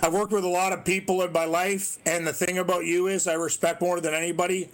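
A man's voice: high voice, little pitch movement, quick pace, rough recording. A man co-hosting a sports talk radio show, earnest and praising, repeating his phrases.

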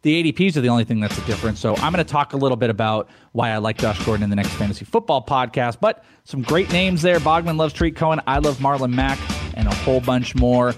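A man co-hosting a casual sports radio podcast, talking in an upbeat way with quick jokes and asides. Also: a little high. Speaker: podcast co-host.

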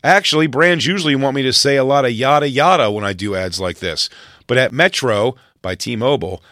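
A man hosting a podcast, reading a sponsor ad in an upbeat sales pitch. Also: a bit bright, dry recording, studio quality. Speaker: podcast host. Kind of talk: host-read ad.

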